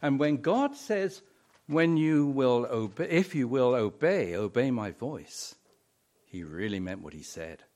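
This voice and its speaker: A middle-aged man delivers a sermon at an unhurried pace. His pitch rises and falls freely as he leans on repeated words for emphasis. Now and then a wry, dry humor slips into his storytelling. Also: animated, a little mellow. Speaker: preacher.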